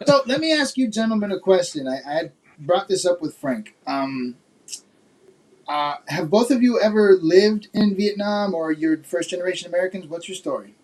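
A man's voice: high-pitched, expressive, normal speed, a little mellow, slight background noise, poor audio. A man from Florida hosting a casual podcast chat, asking loose, rambling questions with lots of fillers. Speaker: podcast host.

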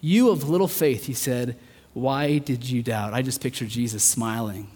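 A man preaching a sermon, earnest, rising to emphatic peaks and then dropping soft. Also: medium pitch, moderate pace, breathy edge. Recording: long hall reverb.

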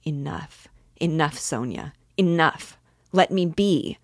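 A feverish, tormented young man pours out a self-justifying confession, read by a woman. The voice sits low and moves slowly, with a dry, close sound. It is an audiobook reading. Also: steady tone, no echo, exaggerated voice. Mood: anguished. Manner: intense confessional monologue.

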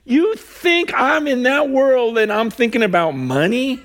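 A male guest preacher with a high voice who talks in a loose, conversational way, full of "like" and quick laughs. He builds into near-shouts, then drops low and soft for emphasis. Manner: animated and conversational, with fillers and laughs. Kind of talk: sermon.

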